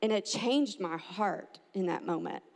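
A mother telling a family story, animated and acting out the quotes with big jumps in pitch. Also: a little slow, creaky. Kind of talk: personal storytelling. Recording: long hall reverb.

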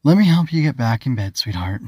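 A man playing a caring storybook father, soft and reassuring, in a close, dry recording. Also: mid-range voice, expressive, fairly quick, no room sound, voice pushed up, lightly acted. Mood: gentle. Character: gentle caring father of a young girl.

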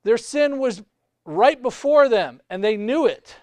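A man preaching a sermon as pastor, emphatic, with big swings in pitch and loudness. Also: lively intonation, measured pace, no echo.

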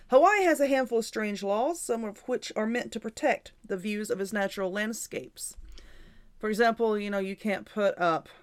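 A middle-aged woman hosting a casual show, reading an article aloud with chatty asides and frequent laughter. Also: medium pitch. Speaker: host.

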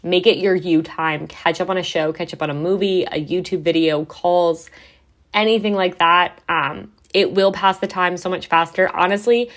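Chatty young woman, lowish voice. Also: normal speed, fairly bright tone. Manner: chatty, heavy use of "like", swears casually. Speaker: podcast host. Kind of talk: casual podcast monologue.

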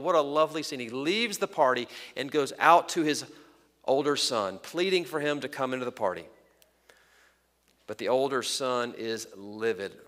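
A male pastor delivers a sermon in an earnest, emphatic way, slowing to press home his points. His voice sits a little high for a man. It rings out with the long reverb of a large hall. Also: a bit bright. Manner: earnest, emphatic preaching with slow deliberate stresses.

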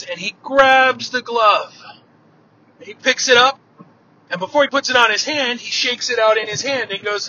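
Man, storyteller, slow, high voice, lo-fi recording, faint hiss. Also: husky. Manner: relaxed, vivid retelling. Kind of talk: oral storytelling of myths. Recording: dull lo-fi with faint noise.

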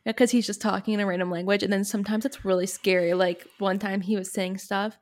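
A woman co-hosting a casual podcast chat. She tells stories animatedly, acts out quotes with big pitch jumps, and fills her speech with "like". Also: steady tone, fast talker. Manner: heavy use of "like" as filler. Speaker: podcast co-host.

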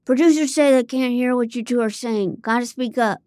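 A man's voice: very high voice, normal speed, a little mellow, no echo, studio quality, pitched above the performer's own voice. A woman reading aloud, voicing a blunt, offhand male sound guy on a film set.

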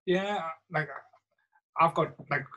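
Bright-voiced easygoing man. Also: a little high, slow pace, poor audio. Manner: easygoing, hesitant, many fillers. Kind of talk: casual film chat.

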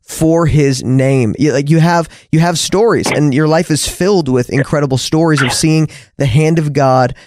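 A man's voice: fairly high pitch, normal speed, hardly any pauses, a little mellow, dry recording, clean studio sound. A man hosting a faith podcast, enthusiastically affirming his guest's story. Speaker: podcast host.

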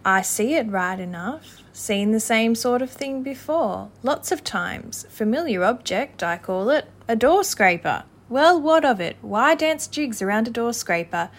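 A woman's voice: on the high side, animated, measured pace, hardly any pauses. A woman voicing a peevish, complaining male mole in a storybook reading. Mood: grumbling. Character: fussy, grumbling male mole.

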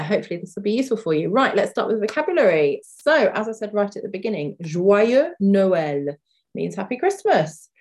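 A woman from the UK teaching vocabulary in a podcast lesson, chatty with fillers, slowing down to repeat words carefully. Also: low voice, a little mellow. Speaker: French teacher.

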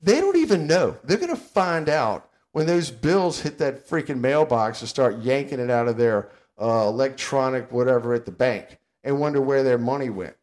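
A man's voice: medium pitch, moderate pace, few pauses, a little mellow. An older man, co-hosting a casual podcast and ranting bluntly and sarcastically. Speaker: podcast co-host.

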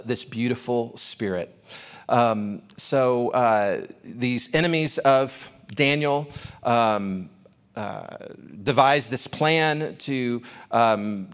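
A man preaching as a guest speaker, telling a personal story in a conversational, halting way with many fillers and restarts. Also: medium pitch. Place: church sanctuary.

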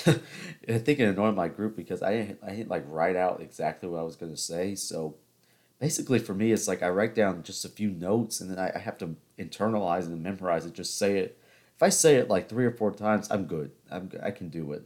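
A young man hosting a podcast alone, rambling through stories in a joking, off-the-cuff way. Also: low-pitched. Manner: rambling, joking, self-interrupting. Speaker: podcast host. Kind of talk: casual solo monologue.

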